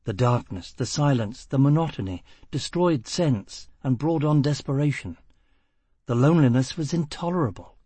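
A man narrating a novel in a measured, dramatic voice with steady pauses. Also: mid-range voice, slightly rough, dry recording. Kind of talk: audiobook narration.

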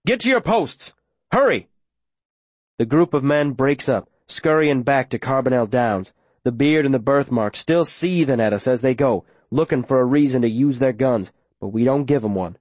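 A man narrating a story in the first person, steady and plain, with rural grammar. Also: mid-range voice, normal speed, no echo. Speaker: audiobook narrator.

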